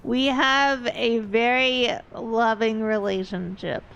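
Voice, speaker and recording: A woman's voice: on the high side, steady tone, slow, vocal fry, a bit bright, muffled recording. A woman streamer chatting casually and candidly, rambling a little and swearing offhandedly.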